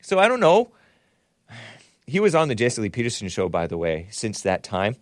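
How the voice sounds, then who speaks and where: A man's voice: medium pitch, huge pitch swings, moderate pace, no room sound, clean studio sound. Heated, mocking male talk-show host. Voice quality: mocking, heated, jumps between loud outbursts and mutters. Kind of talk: opinionated commentary show.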